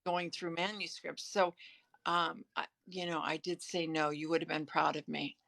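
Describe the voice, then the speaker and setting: A woman's voice: sits low, little pitch movement, creaky, fairly bright tone, dry recording. A woman, an author co-hosting a casual live stream, sharing advice earnestly with frequent restarts. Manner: earnest, shares tips, halting restarts. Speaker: author and co-host. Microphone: phone.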